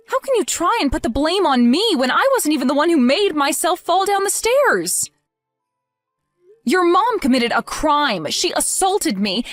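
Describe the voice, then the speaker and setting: A woman playing a grieving, indignant young wife in a voiced text-message drama, emotional and accusing. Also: high voice.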